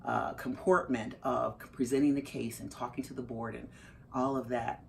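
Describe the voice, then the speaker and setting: A woman's voice: normal speed, creaky, a little hiss or hum. A middle-aged woman, the mother of a parolee, telling her story in an interview and acting out her own reactions with big leaps in her voice. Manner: animated, acts out her own reactions with big jumps in pitch.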